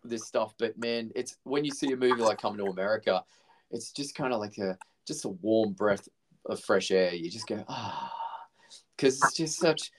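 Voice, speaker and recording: A podcast co-host chats casually about a film in a laid-back way, swearing heavily and rambling through restarts. His voice is fairly low and moderately paced, with slight background noise.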